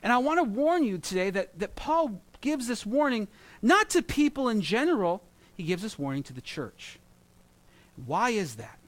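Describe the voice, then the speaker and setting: A man in his thirties preaching a sermon, telling animated stories with jokes and mimicry. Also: sits high, normal speed. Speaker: pastor.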